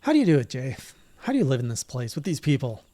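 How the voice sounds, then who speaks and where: A man's voice: mid-range voice, big pitch swings, fast talker, mellow. A man voicing a frustrated young rival archer in a game, speaking in an urgent, questioning way.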